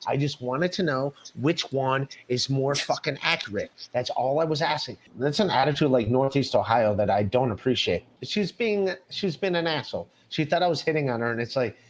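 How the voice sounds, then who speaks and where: A man's voice: mid-range voice, lively intonation, moderate pace. Guy rambling thru a story, swears a ton, medium voice, keeps restarting. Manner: profane, rambling, lots of restarts and fillers.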